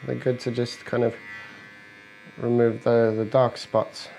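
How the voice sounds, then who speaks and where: A male barber walks through each step of a fade while he cuts. His voice sits at an ordinary middle pitch, relaxed and matter-of-fact, with electric clippers buzzing faintly in the shop behind him. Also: a little slow, creaky, slight background noise, low-quality recording. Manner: relaxed, instructive, joking with his client. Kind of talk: narrating a haircut while working. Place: barbershop, indoors.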